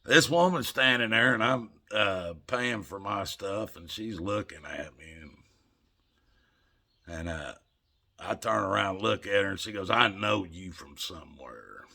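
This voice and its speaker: A man's voice: on the low side, measured pace, gravelly, bright, forceful tone. An older man, a vlogger, telling rambling, folksy everyday stories straight to his viewers and chuckling along the way. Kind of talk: casual storytelling.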